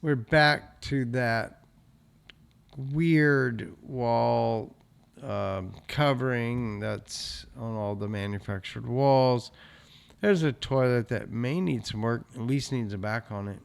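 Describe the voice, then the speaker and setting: Slow, musing man narrating a walkthrough. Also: mid-range voice. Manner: slow, musing, thinking aloud with frequent throat clearing. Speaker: real estate investor host. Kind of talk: casual walkthrough commentary on listing photos.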